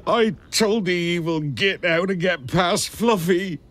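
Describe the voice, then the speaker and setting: A man voicing a huge, soft-hearted male groundskeeper who sobs with remorse and talks in rough, homely words. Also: high voice, slow. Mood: sobbing remorse. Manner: rough, sobbing, homely speech.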